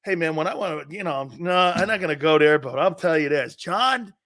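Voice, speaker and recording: A man's voice: fairly high pitch, expressive, fairly quick, a bit bright. A middle-aged man hosting a sports talk show, chatting casually and reacting to viewer comments with frequent laughter and rambling asides.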